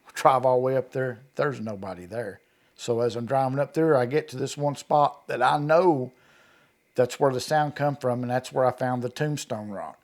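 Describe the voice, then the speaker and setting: In a storytelling interview, a middle-aged eyewitness from Kentucky talks at normal speed in a medium-pitched voice. He narrates with rural, folksy charm and performs the quoted dialogue himself.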